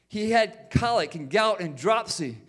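A man with a high voice delivers a sermon from the pulpit. He builds his points with repetition and calls out amen to the congregation. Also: expressive, a little slow, a bit bright. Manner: preaching with rising fervor, calls of amen; repeats words when building. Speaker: pastor.

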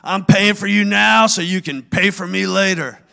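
A man voicing a booming, boastful middle-aged father proudly showing off his son. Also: creaky, full character voice. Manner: loud, proud, drawn-out.

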